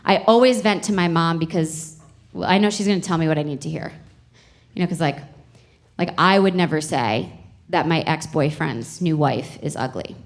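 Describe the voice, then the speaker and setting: A woman's voice: sits low, normal speed. A young woman doing a stand-up comedy set, telling stories in a chatty, exasperated way with playful emphasis, on a club stage mic.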